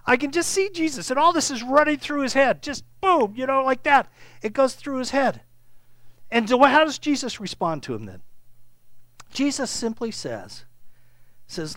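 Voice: high-pitched, sing-song, a little slow, long pauses, fairly bright tone, no echo. A Bible teacher giving an informal, conversational lesson to a small group, often checking in with "okay?" and acting out the scripture dialogue.

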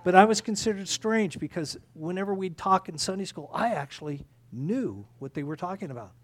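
A man preaching a sermon in a conversational way, halting with restarts and repeating key phrases. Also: high voice, lively intonation. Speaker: pastor.

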